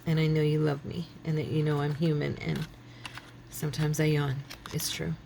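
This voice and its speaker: A woman's voice: low voice, flat delivery, normal speed, gravelly, noisy background. A woman hosting a craft channel, chatting casually to her viewers and thinking aloud as she works, a little silly and self-deprecating. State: yawning, relaxed.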